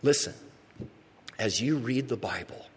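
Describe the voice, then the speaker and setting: A man preaching a sermon as pastor. He is emphatic, repeats key phrases and builds to loud peaks. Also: mid-range voice, lively intonation, unhurried, slight background noise. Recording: long reverb of a large hall.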